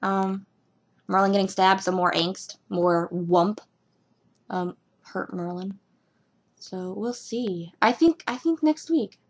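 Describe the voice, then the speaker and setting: A young woman talks loosely and at length about a show, jumping between thoughts with giggles and lively asides. Her voice sits at a middling pitch. She records casually at home on a webcam. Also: takes it slowly, pauses often. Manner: rambling, giggly, animated asides. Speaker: vlogger reviewing a TV episode. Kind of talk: casual rambling chat.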